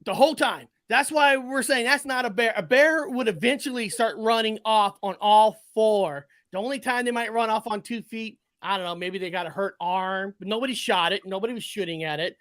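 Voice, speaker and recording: A man in his forties telling a story in casual conversation, animated and profane, often restarting and correcting himself. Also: high voice, a little fast, few pauses, no echo. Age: 40s. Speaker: guest.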